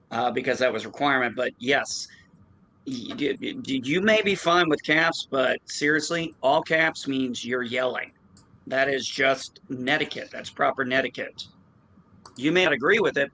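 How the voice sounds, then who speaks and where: A man's voice: medium pitch, bright, forceful tone, poor audio. A man in a casual debate, insistent and repeating his points as a co-host.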